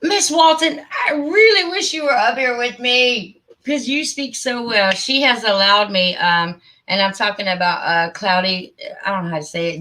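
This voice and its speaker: A woman's voice: mid-range voice, sharp tone. Emphatic, rambling woman streamer. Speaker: channel host. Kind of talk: casual live-stream talk.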